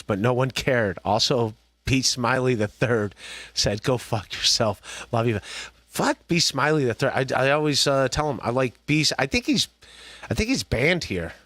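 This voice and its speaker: A man hosts a livestreamed podcast in a loose, rambling way, cracking jokes and restarting his sentences. His voice sits at an ordinary middle pitch. The sound is dry and close, with no room around it. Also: fairly bright tone, no echo. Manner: rambling, joking, lots of restarts and laughs. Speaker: podcast host. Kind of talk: casual livestream commentary.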